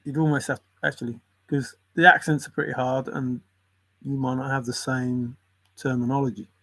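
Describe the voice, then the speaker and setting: A man's voice: mid-range voice, level tone, normal speed, fairly bright tone. A man in a casual, rambling monologue, musing in a conspiratorial tone and often chuckling. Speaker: channel host.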